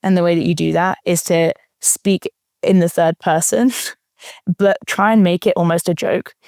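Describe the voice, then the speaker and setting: A woman's voice: on the low side, steady tone, normal speed, a little mellow, no room sound, clean studio sound. A young adult woman talking casually as an interview guest, thoughtful, with frequent fillers and restarts. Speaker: interview guest, marathon runner.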